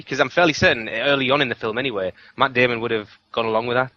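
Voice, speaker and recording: A man's voice: medium pitch, steady tone, quick pace, hardly any pauses, bright, forceful tone, highs cut off. A man from the UK co-hosting a casual film review chat, talking in a chatty, hedging way with many fillers. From United Kingdom. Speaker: film review podcast co-host.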